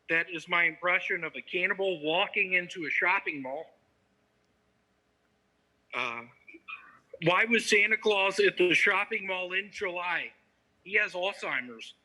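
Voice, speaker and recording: High, bright deadpan comic. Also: male voice, dry recording, low-quality recording. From Memphis, Tennessee. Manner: deadpan one-liners with hesitant fillers. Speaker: stand-up comedian. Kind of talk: one-minute stand-up set.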